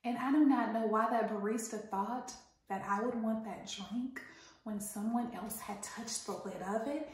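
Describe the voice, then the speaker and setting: A woman telling an animated, indignant storytime rant to her viewers. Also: fairly high pitch. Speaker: vlogger. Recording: very echoey room.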